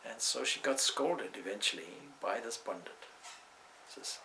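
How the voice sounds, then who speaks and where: A low, gravelly male voice with a bright, forceful edge gives a spiritual talk in a loose, discursive way. He drifts into stories and side remarks as he goes. A faint hiss sits under the voice. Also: lively intonation, unhurried, low-quality recording. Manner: discursive, with asides and restarts. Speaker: swami giving a spiritual talk. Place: indoor talk venue.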